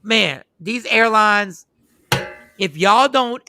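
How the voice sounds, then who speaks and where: A man hosting a casual talk show, telling animated stories, acting out scenes and laughing often. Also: high-pitched, very slow, over music. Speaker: podcast host. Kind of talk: casual chat.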